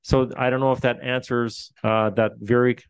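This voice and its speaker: A man's voice: mid-range voice, flat delivery, moderate pace, clear, resonant tone, no room sound. A man with a Newfoundland accent, a facilities administrator answering questions at a meeting, hesitant with many fillers and restarts.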